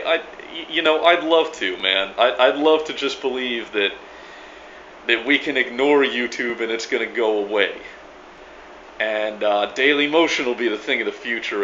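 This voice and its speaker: A man's voice: medium pitch, sharp tone. Rambling, emphatic man on lo-fi audio. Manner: rambling, emphatic, many restarts and stammers, mocking paraphrase, swears often. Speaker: video blogger replying to another creator. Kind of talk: casual spoken video reply. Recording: dull lo-fi sound with faint background noise.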